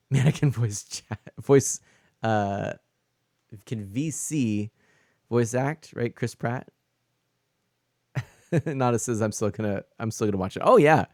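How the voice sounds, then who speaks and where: Male game streamer, mid-pitched, rambling and chatty with his viewers, close and dry with no room sound. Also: slow pace, pauses often, no room sound. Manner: rambling, answers chat, many fillers and restarts. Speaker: live streamer. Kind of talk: casual live-stream chat while playing.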